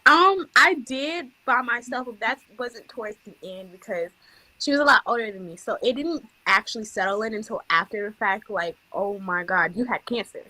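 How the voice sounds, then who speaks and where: Bright-voiced young woman, reflective. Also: on the high side, expressive, moderate pace, no room sound, rough recording. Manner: reflective, hesitant, many "like"s. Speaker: daughter. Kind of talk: casual family conversation.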